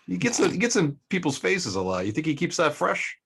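A man's voice: a little high, wildly swooping pitch, fairly quick, creaky, a bit bright, slightly rough. A man joining a casual movie chat with playful, teasing asides.

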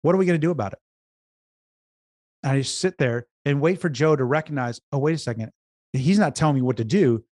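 An earnest male business consultant tells client stories on a podcast, often repeating words as he finds his way. His voice sits a little high for a man. The recording is close and dry with no room sound. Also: expressive, brisk, pauses often, darkish tone, no room sound. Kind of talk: conversational storytelling interview.

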